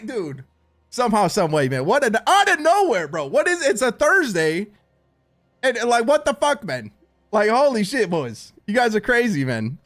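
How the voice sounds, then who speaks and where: High, lively excitable male streamer. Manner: excitable, swearing, repeats dude and bro; stammering restarts when overwhelmed. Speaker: live streamer. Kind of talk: live-stream chat while gaming.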